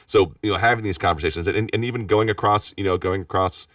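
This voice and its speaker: Very deep-voiced fast-talking man. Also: a bit bright, dry recording. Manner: rapid talker with frequent restarts and repeated words. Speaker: interview guest, voice actor and studio owner. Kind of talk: casual conversational interview. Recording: distant mic, dry sound.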